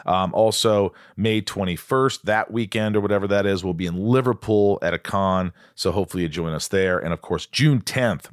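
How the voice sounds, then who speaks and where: Low-voiced, jokey podcast host man. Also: no echo, studio quality. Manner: jokey, excitable, rambling. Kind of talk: casual podcast chat.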